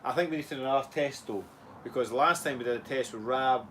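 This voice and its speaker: Scottish co-host, chatty and easy-laughing, light hiss behind him. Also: male voice, mid-range voice, a little fast, a bit bright. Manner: chatty, laughing easily, earnest. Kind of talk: casual live chat.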